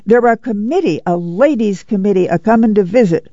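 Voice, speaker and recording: A man's voice: on the high side, moderate pace, creaky, mellow, no room sound, highs cut off. A man voicing a weary, determined rural mother in a storybook reading, with a folksy drawl. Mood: urgent. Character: weary determined Dust Bowl mother, middle-aged woman.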